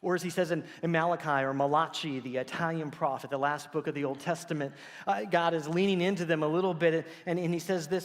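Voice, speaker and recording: A middle-aged pastor talks fast in a voice on the high side, his sermon filling a large hall in a church sanctuary. He's an animated storyteller who acts out the quotes he shares.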